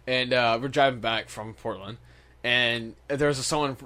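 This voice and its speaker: A man's voice: mid-range voice, fairly even intonation, normal speed, pushed and bright. A young man in casual, profane banter, laughing as he tells a road story with acted quotes.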